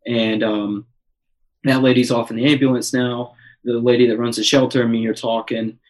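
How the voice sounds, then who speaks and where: Young man, casual storyteller, sweary, mid-pitched, talks in bursts with lots of fillers. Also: normal speed, rough recording. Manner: excited, swears a lot, many fillers. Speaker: guest telling a story.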